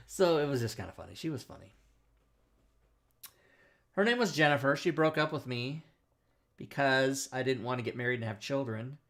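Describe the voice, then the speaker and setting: A man's voice: fairly high pitch, animated, normal speed, pauses often, a bit bright. A man hosting a talk show and telling crude, rambling stories with lots of laughing. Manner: crude storytelling, laughs often. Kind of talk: casual chat.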